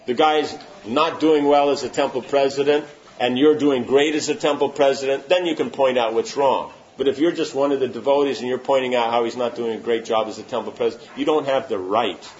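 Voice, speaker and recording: Speaking a little fast in a medium-pitched, darkish voice, a man gives an informal religious talk as a spiritual teacher. He answers questions with emphasis and keeps checking in with "you know what I'm saying?" The recording is muffled and lo-fi, with slight background noise.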